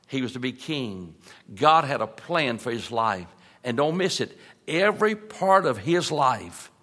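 A man preaching a sermon in a folksy manner, slowing down for emphasis and dropping soft on key points. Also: a little high. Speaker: pastor. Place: large church sanctuary. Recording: long reverb of a church hall.

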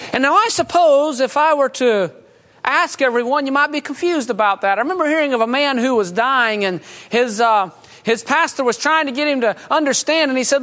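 A man's voice: very high voice, lively intonation, a little fast, a bit bright. A middle-aged man preaching a sermon, mixing folksy stories and chuckles with urgent, earnest appeals. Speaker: pastor.

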